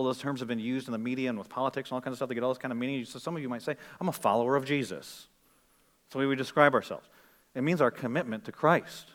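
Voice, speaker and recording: A male pastor from the northern US preaching a sermon, moving from quiet explanation to loud, urgent exhortation. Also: medium pitch, in a large hall.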